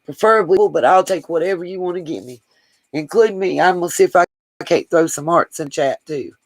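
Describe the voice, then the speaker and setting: A man's medium-pitched voice comes through brisk and dry, with poor audio quality. Hosting a livestream, he addresses viewers directly in an affectionate, rambling way, reading their comments out loud.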